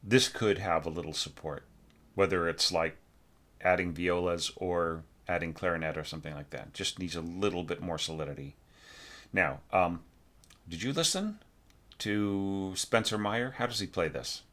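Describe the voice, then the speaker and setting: A man teaching orchestration, giving a relaxed score critique full of fillers and self-corrections, now and then singing phrases on nonsense syllables. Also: sits low, normal speed. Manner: relaxed, thinks aloud, sings phrases with syllables.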